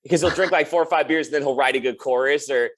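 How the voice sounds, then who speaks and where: A man's voice: mid-range voice, fast talker, crowd noise. A young man chatting as a podcast guest, telling loose stories full of "like" and laughing as he acts out other people's lines. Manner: laid-back storyteller, lots of "like" and laughs, acts out quotes. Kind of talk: casual interview chat.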